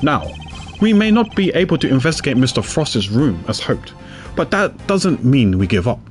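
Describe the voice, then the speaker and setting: A man putting on a composed prosecutor who mentors a younger partner, speaking low and slow in a measured, lecturing way. his pitch still moves with expression, and soft game music plays faintly behind. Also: sing-song, natural voice. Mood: calm lecturing. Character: composed older male prosecutor, calm mentor. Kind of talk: reading game dialogue aloud.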